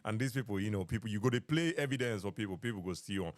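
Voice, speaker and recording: A man's voice: fairly low pitch, expressive, racing, no room sound. A man with a Nigerian accent hosting a live call-in podcast, mixing in Pidgin and often repeating his phrases. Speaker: podcast host. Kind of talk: live-stream call-in chat.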